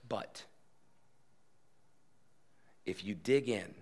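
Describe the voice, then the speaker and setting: Earnest lower-voiced man preaching. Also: drawn-out words. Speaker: pastor. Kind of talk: sermon. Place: church.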